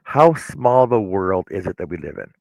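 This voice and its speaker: Man co-host, deep voice, loose rambling storyteller, dry mic. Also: very animated, normal speed, creaky, darkish tone, no echo, poor audio. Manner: rambling storyteller, many restarts. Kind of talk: casual chat.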